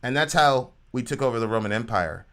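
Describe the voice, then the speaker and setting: A man's voice: medium pitch, expressive, brisk, fairly bright tone. A man co-hosting a livestream talk show, preaching animatedly and acting out quoted voices. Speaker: show co-host.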